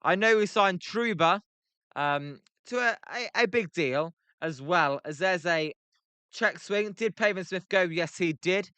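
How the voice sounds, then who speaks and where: A young British man with a British accent calling a baseball game on a livestream, reading chat aloud between pitches with lots of filler words. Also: measured pace, bright, forceful tone, clean tone, dry recording. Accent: British English. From Britain. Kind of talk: casual play-by-play livestream commentary.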